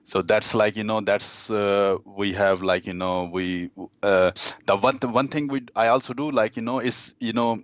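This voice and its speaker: Halting Indian-accented man, dry sound. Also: on the low side, fairly even intonation, no room sound. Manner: halting, many fillers and restarts. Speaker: dating coach, guest. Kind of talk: casual interview conversation.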